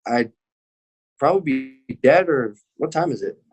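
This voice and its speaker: A man's voice: mid-range voice, expressive, unhurried, darkish tone, breathy edge. A young man, an MMA fighter, telling a story in casual chat, cursing constantly and acting out the people he quotes.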